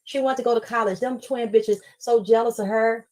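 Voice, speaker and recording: A woman's voice: fairly high pitch, steady tone, a little fast, a little mellow, low-quality recording. A woman telling a story in an angry, profane live stream rant.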